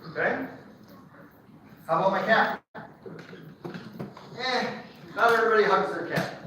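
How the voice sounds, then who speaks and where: A man's voice: high voice, expressive, measured pace, far from the mic, background noise. Chatty male lecturer in an echoey hall. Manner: chatty, enthusiastic, checks in with "okay?". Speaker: university lecturer. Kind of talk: classroom lecture.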